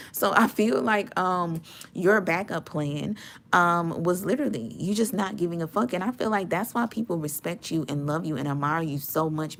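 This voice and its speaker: A woman's voice: lowish voice, creaky, a bit bright, slight background noise. A woman giving a casual, sassy tarot reading to her viewers, chatty and full of slang. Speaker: tarot reader.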